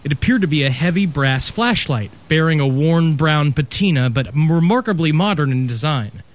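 A man's voice: fairly high pitch, lively intonation, normal speed. A man hosting a comedy podcast, reading a horror story aloud with joking asides.

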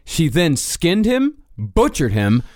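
A man's voice: a little high, huge pitch swings, slow, a little mellow, dry recording, clean studio sound. A man co-hosting a comedy podcast, recounting a crime story in a matter-of-fact way. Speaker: podcast co-host, researcher. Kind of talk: casual comedic chat.

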